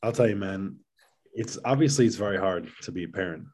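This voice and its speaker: A middle-aged man with a very low voice speaks earnestly in a relaxed podcast chat. He often restarts and repeats himself as he searches for words. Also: fairly quick, slightly rough. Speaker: guest, father of seven. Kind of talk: casual podcast conversation.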